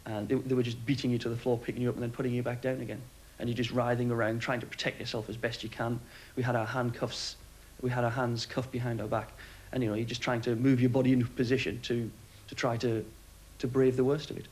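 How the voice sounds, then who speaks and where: A man who served as aircrew, giving a steady, matter-of-fact account in a documentary interview. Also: medium pitch, fast, hardly any pauses, slight background noise, low-quality recording. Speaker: former RAF aircrew interviewee.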